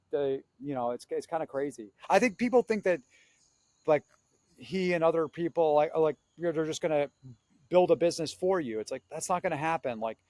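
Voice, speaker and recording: Chatty, rambling man with a higher voice. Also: dry recording. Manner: rambling, jokey, animated storytelling. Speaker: podcast co-host. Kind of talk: casual chat. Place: outdoors.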